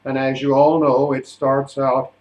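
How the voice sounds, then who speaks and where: An older man, an opera singer, telling stories in a deliberate, indignant way. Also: mid-range voice, completely flat delivery, a little mellow, highs cut off. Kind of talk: storytelling monologue. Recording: echoey room.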